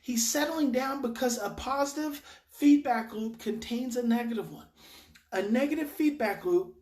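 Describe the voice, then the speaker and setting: Woman parenting educator, informal and emphatic talk, slightly high voice, echoey room. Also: a little mellow. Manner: emphatic, repeats key phrases. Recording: roomy echo.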